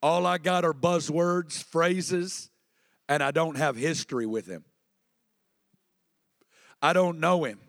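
A man's voice: on the high side, slow pace, pauses often, no echo, long reverb tail. A pastor preaching a sermon in a conversational style, prompting his congregation to respond.

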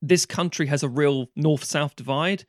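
A sardonic English man rants through a casual film podcast, swearing freely. His voice sits a touch high for a man. The recording is close and dry, with no room echo. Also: moderate pace. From England. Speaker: podcast co-host. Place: Norwich.

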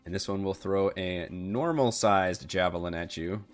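A man's voice: deep voice, moderate pace, soft background music. A man running a tabletop game as game master, joking and swearing with his players. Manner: jokey, swears, laughs often.

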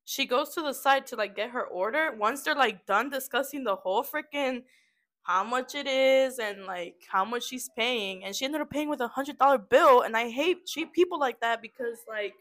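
A woman's voice: on the high side, normal speed. A young woman casually chatting as a podcast co-host, telling a story about a customer with lots of swearing. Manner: profane, animated storytelling. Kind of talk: casual chat. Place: study room.

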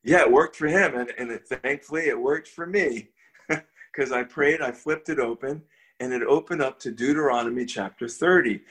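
An older man, a guest in an interview, tells a personal story in a casual, animated way, often restarting words and chuckling as he goes. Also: medium pitch, normal speed.

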